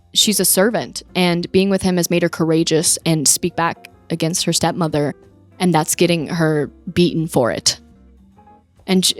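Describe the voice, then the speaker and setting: Chatty young woman retelling a film. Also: on the low side. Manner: animated retelling with acted-out quotes. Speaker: podcast co-host. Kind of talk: casual movie-review chat.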